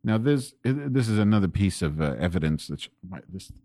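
Male host, very low voice, rambling profane political rant at his home desk. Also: big pitch swings, a little fast, dark tone, dry recording, clean studio sound. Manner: rambling, profane and increasingly angry. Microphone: desk microphone pointed at keyboard.

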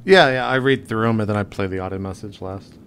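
A man's voice: fairly low pitch, fast, a bit bright, a little hiss or hum. A man chatting loosely as a player in a tabletop game on a video call, laughing often. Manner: loose, laughing, stumbling restarts. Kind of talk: casual role-play chat. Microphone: webcam mic on a video call.

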